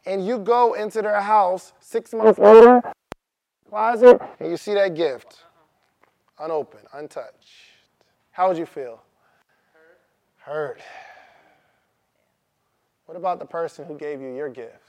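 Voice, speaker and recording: A man's voice: sits high, slow pace, pauses often, darkish tone. A man giving a motivational talk to a live audience, asking them questions and repeating his key points. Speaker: motivational speaker. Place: room with an audience.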